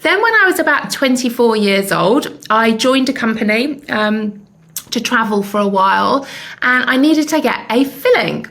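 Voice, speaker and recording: A woman's voice: on the high side, lively intonation, normal speed, fairly bright tone. A woman in her fifties hosting a podcast, telling a personal story candidly with self-mocking humor. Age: 50s. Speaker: podcast host.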